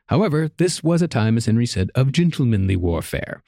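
A man hosting a podcast, telling a history story in steady narration with casual asides. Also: mid-range voice, fairly quick, gravelly, no room sound, studio quality. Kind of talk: storytelling from notes.

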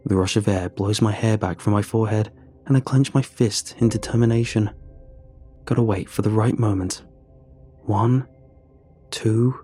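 A man narrating a first-person horror story in a measured, suspenseful reading. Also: fairly low pitch, warm tone, breathy edge.

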